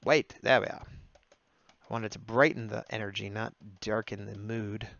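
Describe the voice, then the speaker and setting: Narrating his drawing for viewers, this livestreaming artist keeps up a chatty commentary and laughs at his own jokes a lot while taking requests. He speaks at a moderate pace in a low-ish, creaky, fairly bright voice with fairly even intonation. The lo-fi audio is dull with no room sound.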